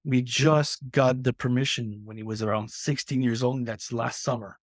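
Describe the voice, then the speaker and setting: A middle-aged man from Canada speaks earnestly as a guest in a casual interview. He restarts sentences often and fills pauses, at an ordinary male pitch. The recording is dry and close. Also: steady tone, no echo. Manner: earnest, many restarts and fillers. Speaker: guest author.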